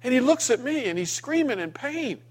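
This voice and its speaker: A man's voice: big pitch swings, a little fast, slightly rough. A middle-aged man preaching a sermon, telling a personal story with rising emotion and raised, pleading tones in the retold scenes. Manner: storytelling, emotional, rising in pitch when voicing himself in the dream. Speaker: pastor.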